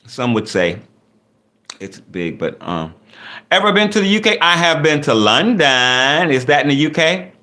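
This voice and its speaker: A man's voice: a little high, a little slow. A man hosting a casual livestream, reading out chat comments and joking back with viewers. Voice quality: lively, animated delivery. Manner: reads chat comments aloud and riffs on them; playful, laughing, teasing.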